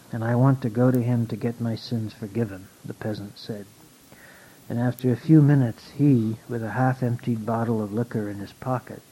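Mellow-voiced man reading a story aloud. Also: mid-range voice, slightly rough. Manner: calm, measured. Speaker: reader. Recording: dull lo-fi recording.

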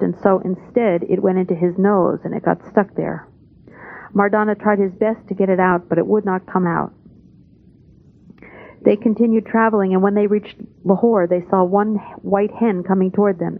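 A woman giving a spoken translation of a spiritual talk in a calm, measured, plain way. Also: mid-range voice. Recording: tinny, phone-like old tape.

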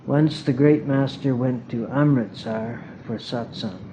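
Man reading aloud, earnest and measured, mid pitch; dull tape with clear hiss behind. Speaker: reader at a spiritual gathering.

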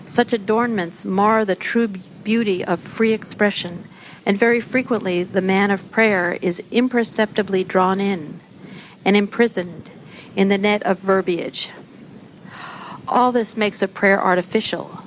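A woman reads a spiritual text aloud in a slow, deliberate way, now and then tripping over a word and correcting it. Her voice sits at a middle pitch. A faint hiss runs beneath the reading. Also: rough recording. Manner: slow, deliberate, occasional slips on words. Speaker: reader at a spiritual gathering.

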